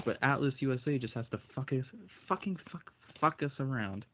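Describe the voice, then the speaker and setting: A man's voice: mid-range voice, fairly quick, phone-quality sound, a little hiss or hum. A man ranting angrily about video game prices, swearing constantly and stumbling over his words, his voice shaking with anger. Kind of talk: angry solo rant.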